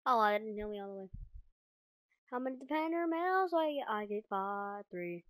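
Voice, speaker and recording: A woman giving casual gameplay commentary, chatting to her viewers and reacting quickly as she plays. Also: mid-range voice, lively intonation, a bit bright, clean tone, no echo, rough recording. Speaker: gaming video creator.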